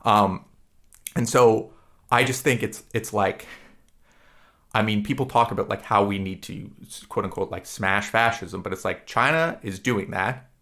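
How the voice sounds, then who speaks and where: Podcast co-host, male, low gravelly voice, rambling and profane. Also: fairly bright tone. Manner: rambling, profane, retells scenes with quick impressions. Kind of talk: casual podcast chat.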